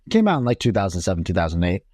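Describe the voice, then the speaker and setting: A man co-hosting a podcast, with lively, swooping speech and a casual, profane manner. His voice is close and dry, with no room sound. He talks in a loose, animated way. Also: deep voice, very fast, no room sound. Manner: profane, animated, laughs a lot. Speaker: podcast co-host. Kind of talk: casual chat, reading movie quotes.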